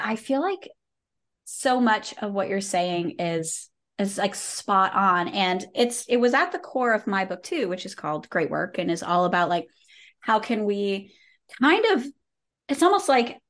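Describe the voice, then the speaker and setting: A woman hosting a casual interview podcast, animated and playful, laughing often and talking in loose rambling asides. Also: medium pitch, normal speed. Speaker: podcast host.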